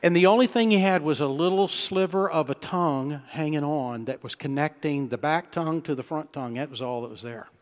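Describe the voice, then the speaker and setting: A male pastor preaching a sermon, telling a personal story and building to loud, emphatic peaks. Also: on the high side, fairly quick, few pauses. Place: church sanctuary. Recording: long church-hall reverb.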